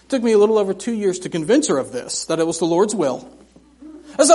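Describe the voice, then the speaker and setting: Male preacher, middle-aged, very high voice, folksy and animated, sermon in a church. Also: fast talker, breathy edge. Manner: folksy, animated storytelling with humor. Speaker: missionary preacher. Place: church sanctuary.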